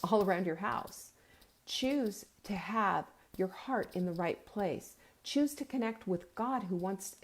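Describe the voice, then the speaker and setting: A middle-aged woman hosting a live meal-planning show, giving an earnest, urging pep talk, at times tearful. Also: mid-range voice.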